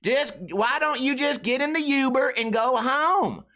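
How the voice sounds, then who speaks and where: A man putting on a worn-out middle-aged mother who is exasperated and has heard it all before. Her voice rises high and pleading as she begs someone to just go home. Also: a little slow, fairly bright tone.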